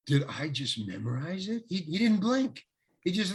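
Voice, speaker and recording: An older male actor, a guest on an interview, telling rambling, animated anecdotes full of restarts. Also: on the high side, measured pace, slightly rough. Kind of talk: casual storytelling interview.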